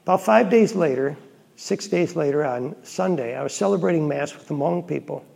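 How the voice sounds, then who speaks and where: Gravelly, husky priest telling a story. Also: male voice, a little high, normal speed. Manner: earnest, reflective storytelling with quiet asides. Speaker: Catholic priest. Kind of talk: storytelling homily.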